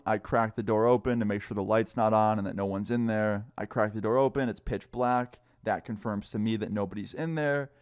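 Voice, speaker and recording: A man's voice: fairly low pitch, no echo, clean studio sound. Young man telling a swearing storytime. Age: young adult. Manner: animated, swearing, acts out quoted people. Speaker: storyteller vlogger. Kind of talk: casual storytime.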